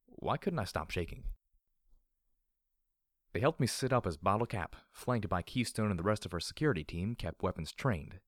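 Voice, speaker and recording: A man narrating a first-person story with a wry, lively delivery. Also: deep voice, moderate pace, no room sound, clean studio sound. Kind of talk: audiobook storytelling.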